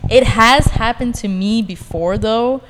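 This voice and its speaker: A woman's voice: on the high side, a little slow, a little hiss or hum. Easygoing woman actor in a reverberant room. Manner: relaxed, filler-heavy, easygoing. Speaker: actor, guest. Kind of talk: casual round-table chat. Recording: long reverb of a large room.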